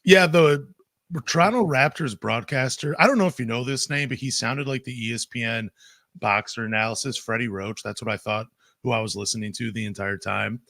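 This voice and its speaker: A man co-hosting a basketball podcast, talking in an excitable, animated way that swings between loud bursts and quieter asides. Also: mid-range voice, a little fast, gravelly, no echo, clean studio sound. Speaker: podcast co-host. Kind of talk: casual sports podcast chat.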